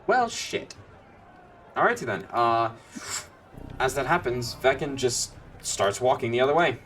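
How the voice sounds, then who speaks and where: A man's voice: mid-range voice, expressive, measured pace, fairly bright tone. A man running a tabletop game as game master, casually narrating and explaining rules.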